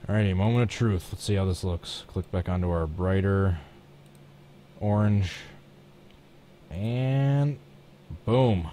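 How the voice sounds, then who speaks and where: A man with a low, mellow voice talks casually into a desk microphone, thinking aloud as he works. He is relaxed and a little self-deprecating, narrating each small step for a live stream audience. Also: measured pace, long pauses, a little hiss or hum. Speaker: live streamer painting a race truck. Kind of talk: casual thinking-aloud commentary while working.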